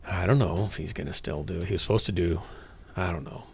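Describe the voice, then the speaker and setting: A man's voice: sits low, fairly quick, gravelly, darkish tone, slight background noise. A man in his sixties streaming from home, chatting in a frank, rambling way that often corrects itself and trails off. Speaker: game streamer. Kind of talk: casual rambling chat while streaming.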